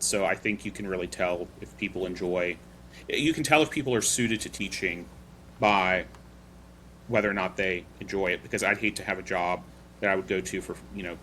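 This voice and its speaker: Male podcast host, low-pitched but bright tone, rambling storyteller, faint background noise. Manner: chatty storyteller, loose and rambling. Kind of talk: casual chat.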